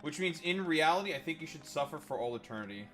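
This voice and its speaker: Lively, mocking male streamer. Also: a little high, fast talker, soft background music. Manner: mocking, trash-talking chat. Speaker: livestream host. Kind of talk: casual livestream chat.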